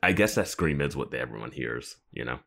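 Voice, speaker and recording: A man co-hosting a podcast, chatting in a relaxed way with frequent laughs and fillers. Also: a bass voice, a little fast, creaky. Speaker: podcast co-host. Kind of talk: casual recap chat.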